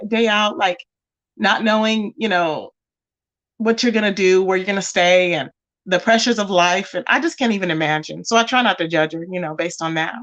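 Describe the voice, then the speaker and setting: A woman's voice: mid-range voice, a bit bright. A woman casually chatting on a livestream, reading out viewer comments and calling her audience y'all and baby.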